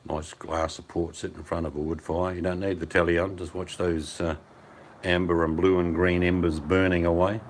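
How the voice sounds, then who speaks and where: A man's voice: deep voice, flat delivery, moderate pace, slight background noise. An older man with an Australian accent, chatting casually on a video call at home in laid-back, rambling, blokey banter. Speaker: hangout participant. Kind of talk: casual chat. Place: at home by a fireplace. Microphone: video call on a phone over mobile data.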